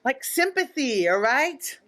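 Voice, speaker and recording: A woman's voice: high-pitched, sing-song, slow pace. A woman telling a crude, joking story live on a theatre stage. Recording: live theatre recording with noise.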